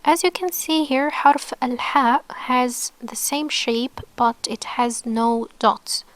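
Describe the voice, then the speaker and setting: A woman's voice: sits high, unhurried, a bit bright, no room sound. A woman teaching an online lesson, explaining patiently, often checking with okay and dropping into a whisper to model sounds. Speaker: Arabic teacher.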